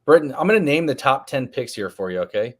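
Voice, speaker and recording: A man's voice: mid-range voice, sing-song, quick pace. A man co-hosting a live fantasy baseball show, answering viewer questions in casual talk full of ums and restarts. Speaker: fantasy baseball podcast co-host. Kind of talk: casual live-stream chat.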